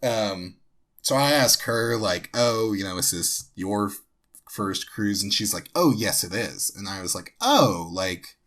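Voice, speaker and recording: A man's voice: fairly low pitch, expressive, a little slow, a bit bright. A young man from New Jersey, a podcast co-host, telling a story casually, with many fillers and restarts. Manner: rambling, full of fillers and restarts.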